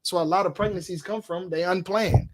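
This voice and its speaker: A man delivers a fiery street sermon in a higher-than-usual voice, hammering his points and checking in with "you understand?" The talk rolls on in long, loose runs. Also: steady tone, brisk. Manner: preachy, repeats "you understand?". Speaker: street preacher. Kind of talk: preaching history class.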